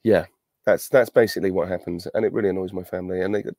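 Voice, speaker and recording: A man's voice: low-pitched, steady tone, rapid-fire, a little mellow, no room sound, studio quality. A middle-aged man, an actor, answering fan questions on a virtual panel, chatty and self-deprecating, thinking aloud as he goes.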